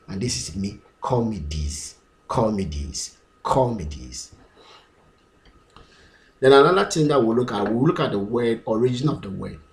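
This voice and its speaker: Low-voiced man teaching pronunciation. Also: a little mellow. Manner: drills words slowly and repeats them many times. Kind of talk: slow, repetitive pronunciation lesson.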